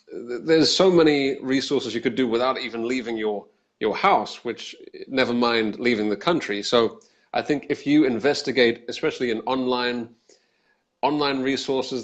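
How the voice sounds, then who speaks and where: Man teaching English on a livestream. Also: medium pitch. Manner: explains with spoken examples, acting out tones. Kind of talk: live-streamed Q&A chat.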